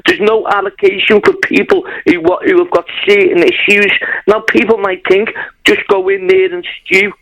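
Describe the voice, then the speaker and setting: A man's voice: high-pitched, animated, moderate pace, creaky, a bit bright. A man calling in to a radio show, telling his story in a blunt, heartfelt way over a phone line. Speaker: caller. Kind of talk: phone-in call.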